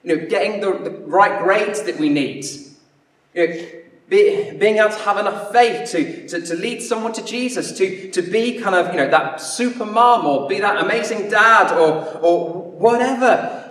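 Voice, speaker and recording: A man's voice: sits high, normal speed, fairly bright tone. A man preaching a sermon in a conversational, storytelling way, often acting out the people in his story. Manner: conversational, storytelling with acted-out voices. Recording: echoey hall, from a distance.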